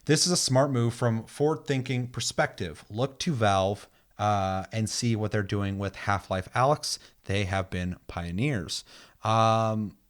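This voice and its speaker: A man with a somewhat low voice chats casually about video games as a podcast co-host. He rants in an animated way, swears freely and acts out quotes. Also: measured pace.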